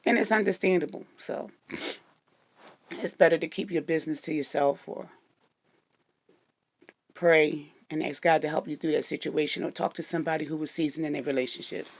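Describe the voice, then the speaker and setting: A middle-aged woman with a gravelly morning voice, giving frank relationship advice to her viewers and sometimes tripping over her words. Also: deep voice, fairly even intonation, moderate pace, long pauses, no room sound. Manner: stumbles over words now and then; frank and direct. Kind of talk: casual advice talk to viewers.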